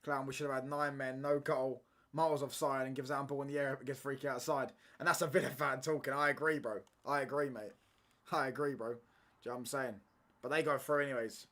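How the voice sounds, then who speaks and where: Slangy young lad chatting football. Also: male voice, medium pitch, a little fast. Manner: animated, slangy banter with the chat. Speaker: football watchalong streamer. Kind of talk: casual chat. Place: home streaming setup.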